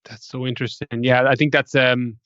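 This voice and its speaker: A man's voice: medium pitch, level tone, fairly quick, fairly bright tone, dry recording. An Irish man, a podcast guest, telling stories in a casual interview and acting out past conversations with animation. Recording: dull lo-fi dry sound.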